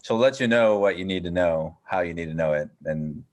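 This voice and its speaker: A man in his thirties, a podcast guest, chatting casually in a halting, reflective way. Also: sits low, muffled recording. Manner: halting, repeats words, reflective. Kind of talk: casual chat.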